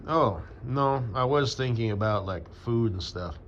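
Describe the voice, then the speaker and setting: A man's voice: mid-range voice, lively intonation, a little slow, fairly bright tone, a little hiss or hum. An American man rambling crudely to his audience in a monologue, full of fillers and asides. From United States. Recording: dull lo-fi sound with faint background ambience.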